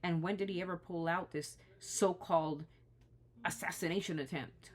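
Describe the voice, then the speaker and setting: Low-voiced woman in an impassioned rant. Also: steady tone, moderate pace. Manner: indignant and pleading, with frequent restarts. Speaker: vlogger. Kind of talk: impassioned opinion vlog.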